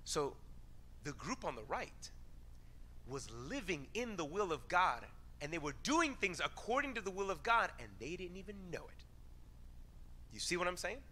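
A male pastor preaching a conversational sermon, acting out quoted voices in a lively way. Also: high voice, moderate pace, pauses often, a little hiss or hum.

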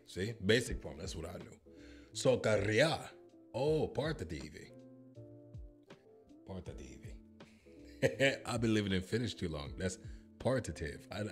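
A man filming a comedic reaction vlog, joking and swearing as he tries a language app. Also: lowish voice. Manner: jokey, swears, bursts into mock announcer voice.

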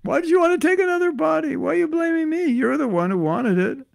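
A man's voice: very high-pitched, lively intonation, quick pace, gravelly, no echo, clean studio sound, voice pushed up, full character voice. A man voicing an exasperated god who chides a complaining soul with rhetorical questions. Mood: chiding.

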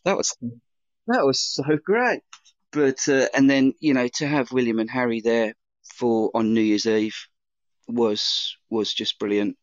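A man, mid-pitched, recounts his career in a chatty, meandering way. He pauses on fillers and restarts his sentences often. The recording is dry and a little dull. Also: level tone, no echo. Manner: rambling anecdotes with fillers and restarts. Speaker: chef guest. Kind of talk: casual interview storytelling.

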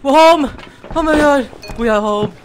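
A man playing a horror game with friends, talking casually and breaking into high panicked yelps and screams. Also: moderate pace, background noise. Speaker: gaming YouTuber. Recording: loud game music behind. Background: game music.

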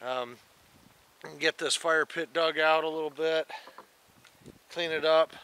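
A man narrating a casual camping vlog outdoors in a forest, relaxed and rambling as he talks to his dog. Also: a little high, slow pace, clear, resonant tone. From Michigan. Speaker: camping vlogger.

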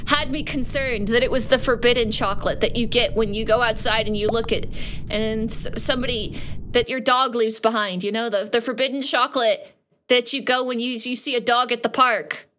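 A woman streaming a game live, chatting with viewers in an animated, jokey way with sudden yelps. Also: a little high, moderate pace. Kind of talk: live gaming stream chat. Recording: noisy background.

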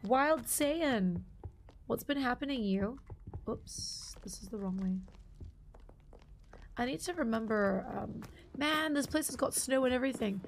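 A young woman chats casually on a live game stream, greeting viewers and reading their messages aloud. Her fairly high voice is partly lost and slightly strained today, though she keeps talking freely. Faint noise sits behind her. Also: measured pace, gravelly, pauses often. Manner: chatty, reads out and greets chat viewers.

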